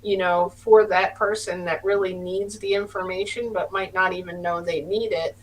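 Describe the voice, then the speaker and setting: Middle-aged woman guest, lowish voice, chatty and earnest, lots of restarts, faint hum behind. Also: steady tone, moderate pace. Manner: earnest, rambling with frequent restarts. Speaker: podcast guest. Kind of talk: casual storytelling. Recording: distant mic with faint hum.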